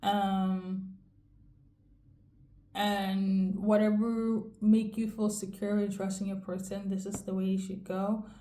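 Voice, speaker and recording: A woman giving a casual tarot reading in a rambling, fairly monotone way, often checking in with "okay?". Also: medium pitch, slow, roomy sound. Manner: monotone delivery. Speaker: tarot reader.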